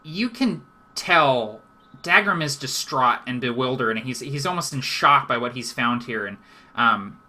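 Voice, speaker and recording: Bright-voiced man running a tabletop game. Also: mid-range voice, expressive, measured pace. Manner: descriptive, with filler words like "like" and "sort of". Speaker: game master.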